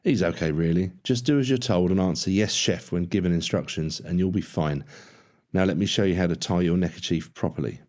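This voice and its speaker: A man's voice: low voice, brisk, a little mellow, lightly acted. A man voicing a friendly, blunt young cook. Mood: easygoing. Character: friendly tubby young male kitchen hand.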